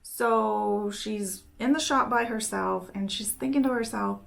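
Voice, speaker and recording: A woman's voice: mid-range voice, unhurried, gravelly. A young woman casually retelling a story while she works, chatty, reporting the dialogue with "she's like" and "he's like". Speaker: book summarizing nail vlogger.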